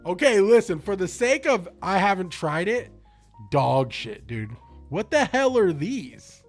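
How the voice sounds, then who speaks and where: This is a young man streaming live and chatting loosely with his viewers. His voice sits a bit higher than most men's, and he talks with loud, slangy excitement, swearing and joking freely. Faint music plays quietly behind him. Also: unhurried. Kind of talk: casual livestream chat.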